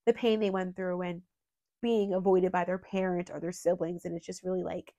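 Woman, true crime host, earnest, emotional, rambling, slightly low voice. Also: little pitch movement, moderate pace, dark tone. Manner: earnest, emotional, fights back tears; rambling with fillers.

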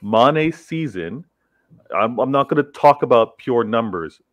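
A man's voice: mid-range voice, expressive, measured pace, no room sound. A man with an accent, arguing football points in a casual panel chat with emphatic repeats. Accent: non-English accent.

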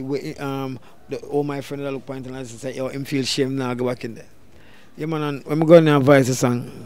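Animated Jamaican man telling stories. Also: medium pitch, clear, resonant tone. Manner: animated, loud bursts when acting out quotes. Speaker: dancehall deejay guest. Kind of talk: storytelling interview.

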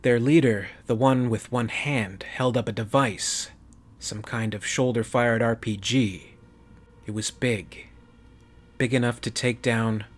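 A man's voice: medium pitch, steady tone, slow pace. A man narrating a sci-fi story in a dramatic storytelling manner. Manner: dramatic storytelling, voicing every character. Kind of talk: audiobook fan fiction reading.

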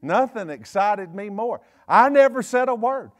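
A man with a Southern US accent, a bishop preaching a sermon in a folksy, joking way with quick asides. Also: sits high, lively intonation. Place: church service.

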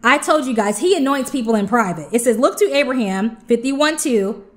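Lady reading scripture aloud, bit high voice, trips over words and adds little casual explanations. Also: animated, moderate pace. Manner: reads aloud, stumbling and restarting words; breaks off to explain in casual asides. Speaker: scripture reader.

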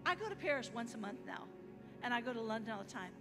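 A high-pitched American woman preaching to a congregation in a church hall with a long echo. She is animated and leads call-and-response. Music plays behind her. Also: fast talker. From United States. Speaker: guest missionary preacher. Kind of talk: sermon.

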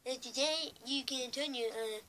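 A boy voicing an adult male cartoon school counselor, giving slow, drawn-out classroom instructions. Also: very high-pitched, bright, forceful tone, slight background noise. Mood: instructing.

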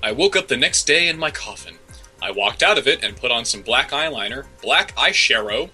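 A man co-hosting a comedy podcast, reading a story aloud in a deadpan way. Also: mid-range voice, moderate pace, rough recording. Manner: deadpan, breaks into laughter. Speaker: podcast co-host. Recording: faint music bed behind.

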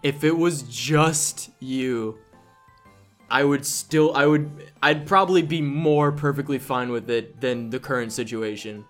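Man, let's play host, sarcastic, exasperated, casual commentary, mid pitch. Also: measured pace, a bit bright, faint music behind. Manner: sarcastic, exasperated, swears and laughs a lot.

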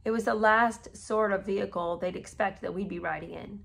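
A woman reads passages from a memoir in a plain, steady voice, then cuts in with her own sarcastic, disbelieving commentary. She is a podcast host talking straight to her listeners. She sounds like a mother of three who has no patience for nonsense. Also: mid-range voice, moderate pace, creaky, a little hiss or hum. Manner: sarcastic, incredulous asides between read passages. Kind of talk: reading a memoir aloud with commentary.

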